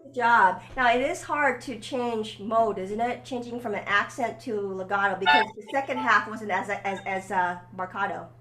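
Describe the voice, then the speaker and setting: Over loud music, a woman with a mid-range voice speaks at a moderate pace in a roomy-sounding space. She's a violin teacher in a one-on-one lesson, encouraging and coaching her pupil with frequent "okay?" check-ins, while a violin plays faintly in the background.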